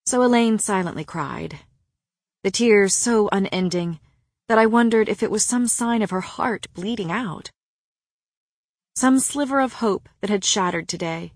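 A woman reading a story aloud in first person, with a soft and even narrating manner. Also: medium pitch, dry recording, clean studio sound. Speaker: audiobook narrator.

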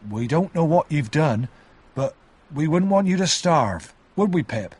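A man's voice: a little high, lively intonation, a little slow, husky, voice pushed up. Man doing a kindly blacksmith. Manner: soft and kindly. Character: kind gentle male blacksmith.

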